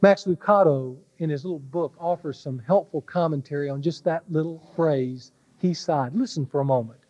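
A man preaching a sermon, slow and weighty, dropping to a hush on key words. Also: fairly high pitch, highs cut off. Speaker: pastor.

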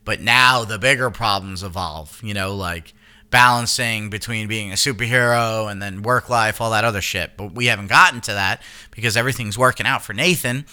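A man's voice: fairly low pitch, normal speed, pushed and bright, clear, resonant tone. A man co-hosting a podcast, rambling and swearing in casual chat, full of fillers and restarts. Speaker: podcast co-host.

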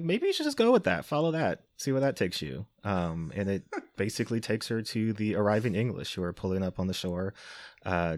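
A low-voiced man recaps a film for a podcast, loose and wry, with frequent "um"s and quick laughs. The sound is dry and close, with hardly any room around him. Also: a little mellow, dry recording. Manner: wry, laughing, filler-heavy. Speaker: podcast host. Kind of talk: casual movie recap.

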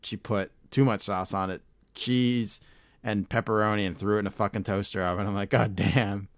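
A man with a fairly low voice tells stories in a blunt, casual way and curses freely. He is close to the mic in a dry, dead room. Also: steady tone, fairly quick, smooth, no echo. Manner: profane storytelling, blunt. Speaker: podcast co-host. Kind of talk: casual chat.

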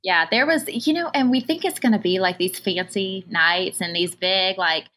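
A woman hosts a relaxed conversation in an earnest, encouraging way. Her speech is loose and casual, full of little fillers as she works through her thoughts. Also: medium pitch, moderate pace. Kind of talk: casual chat.

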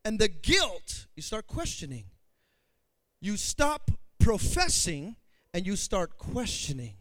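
Middle-aged male pastor, very high and lively, emphatic preaching. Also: takes it slowly, dry recording. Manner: emphatic, swings from intimate to booming. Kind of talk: sermon.

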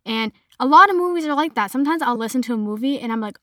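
A young woman from north of Boston, Massachusetts, hosts a casual solo podcast in a mild Boston accent, chatty and bubbly and packed with "like" fillers. Her high voice is expressive and bright with a forceful edge, moving quickly with few pauses. The recording is dry and clean, with studio sound.

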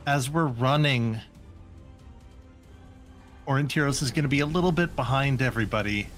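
A man's voice: medium pitch, normal speed, fairly bright tone, soft background music. A man playing in a live tabletop game, talking in a hesitant, casual way and chuckling as he goes. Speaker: player.

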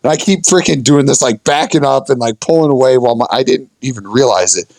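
A man's voice: mid-range voice, quick pace, dry recording, rough recording. A man on a podcast telling an off-road trip story in casual, profane chat, acting out what he said back then. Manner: animated, swearing, acts out his own past lines.

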